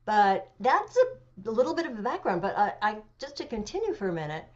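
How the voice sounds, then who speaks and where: A woman in her seventies, an interview guest telling a personal story with animation, pauses and fillers. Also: mid-range voice, very animated. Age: 70s. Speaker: interview guest, memoir author. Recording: dull lo-fi audio.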